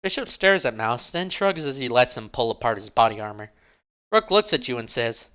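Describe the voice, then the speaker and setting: A man's voice: mid-range voice, fairly quick, a bit bright, clean tone, muffled recording. A man narrating a tabletop role-play game in a casual way, feeling lightheaded. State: lightheaded, unwell. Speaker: game master.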